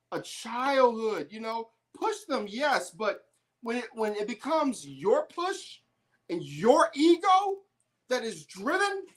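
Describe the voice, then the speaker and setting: A woman hosting an independent sports show, delivering a heated, emphatic opinion monologue. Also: on the high side.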